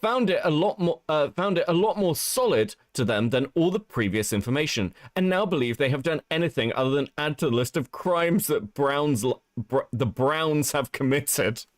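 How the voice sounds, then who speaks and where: A man's voice: on the high side, normal speed, no echo, clean studio sound. A man hosting a casual livestream, reading out donations and mocking posts with lots of swearing and laughter. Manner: animated, profane, reads out donations. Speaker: livestream host.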